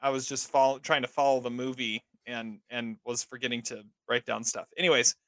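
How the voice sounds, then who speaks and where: Bright-voiced man hosting a movie podcast. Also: medium pitch, little pitch movement, dry recording, clean studio sound. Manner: halting, repeats words while talking. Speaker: podcast host running movie trivia. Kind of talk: casual podcast chat.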